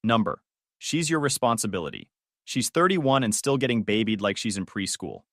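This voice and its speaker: A man's voice: on the low side, very animated, moderate pace, dry recording, clean studio sound. A man voicing a bitter middle-aged mother who snaps and guilt-trips in a raised voice. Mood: resentful. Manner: sharp, raised voice.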